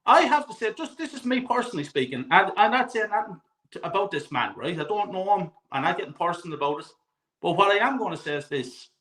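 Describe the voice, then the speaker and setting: A man in his forties with a high, bright, ringing voice gives a heartfelt rant on a live fan show. He swears freely and hammers his points home by repeating them. He pours real feeling into every sentence. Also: big pitch swings, fast. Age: 40s. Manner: emphatic, swears often, repeats himself for stress. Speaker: guest on a fan call-in show.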